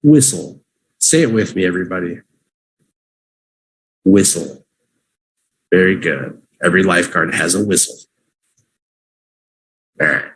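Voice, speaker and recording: A man teaching English vocabulary on a livestream, repeating each word slowly for learners to say with him. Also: deep voice, bright, forceful tone, slightly rough. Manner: slow, drawn-out repetition for learners.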